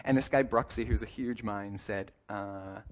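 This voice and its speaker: A man preaching a sermon as pastor, talking in a relaxed, conversational way with light jokes and quick self-corrections, and slowing down to read scripture deliberately. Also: mid-range voice. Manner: reads scripture passages slowly and deliberately.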